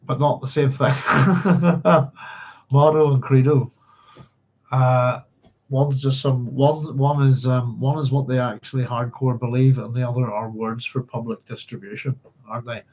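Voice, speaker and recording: Husky man chatting casually. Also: medium pitch, steady tone, unhurried, a little mellow. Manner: chatty, apologetic, hums to himself. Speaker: book club host. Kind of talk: casual livestream chat. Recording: slightly dull lo-fi sound.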